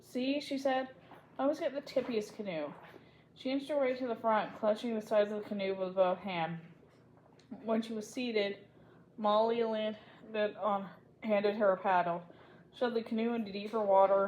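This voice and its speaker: Woman reading a kids chapter book, gentle and unhurried. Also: mid-range voice, slight background noise, rough recording. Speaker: storybook reader.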